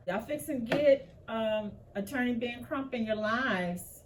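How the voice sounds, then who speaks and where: A woman's voice: on the high side, unhurried, hardly any pauses, distant mic, a little hiss or hum. A woman hosting casual commentary on news cases, outspoken and passionately indignant. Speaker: commentary channel host.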